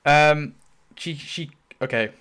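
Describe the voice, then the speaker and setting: A man's voice: on the high side, takes it slowly, a bit bright, clear, resonant tone. A man running a tabletop game as game master, rambling with many fillers and laughs.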